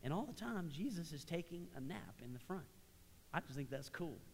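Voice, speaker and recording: A middle-aged male pastor preaching a sermon in a church, conversational, rising to emphatic high points and dropping to soft, hushed lines. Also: sing-song, moderate pace, gravelly, a little hiss or hum. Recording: long reverb of a large hall.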